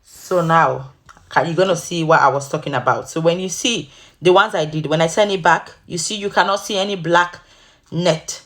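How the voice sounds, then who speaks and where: A low-pitched woman explains her wig-making steps in a casual, sassy way. She calls her viewers honey and sweetheart as she works, talking into the camera mic. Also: moderate pace, fairly bright tone. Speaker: wig maker showing her craft. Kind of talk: casual tutorial talk to viewers.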